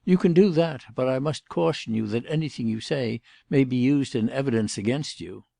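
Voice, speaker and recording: Casting: man reading a blunt, grumbling inspector, gravelly and rough, pushing impatiently. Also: mid-range voice, moderate pace, mellow, no room sound, clean studio sound, voice pushed up, natural voice. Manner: gruff and impatient.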